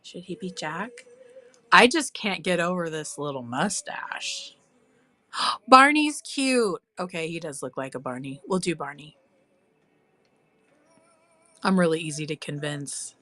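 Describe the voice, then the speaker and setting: A woman's voice: low-pitched, a little slow, long pauses, a bit bright, no echo. A woman chatting casually on a live craft stream, cooing and squealing with delight as she works. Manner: bubbly, coos and squeals over her craft.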